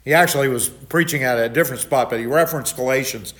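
An older man preaching a Bible study sermon, loud and animated, telling stories with many restarts. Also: medium pitch, fast talker. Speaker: pastor.

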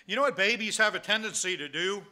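A pastor preaches a sermon in a conversational way, posing rhetorical questions and restarting his sentences. His voice sits high and is pushed and bright, with a fast pace.

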